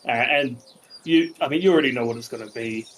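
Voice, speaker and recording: A man's voice: mid-range voice, fast talker, a bit bright, a little hiss or hum, poor audio. A man with an Australian accent narrating a tabletop game as game master, loose and hesitant, often restarting his sentences.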